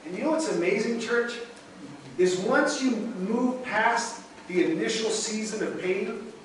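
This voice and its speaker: A man's voice: high voice, a bit bright, a little hiss or hum. A middle-aged man preaching a sermon as pastor, emotional and swelling in volume as he speaks. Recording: very echoey hall, distant mic.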